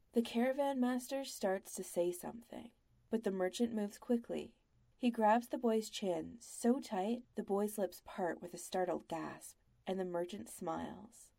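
A woman narrating an audiobook in a measured, low-key storytelling manner. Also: vocal fry, mellow, no echo.

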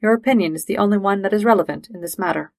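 A woman's voice: mid-range voice, very fast, vocal fry, no room sound, lightly acted. A reserved male alien, formal and exact in every phrase, as a woman reading a story puts him on. The voice stays level and unemotional, recorded dry and close. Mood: earnest.

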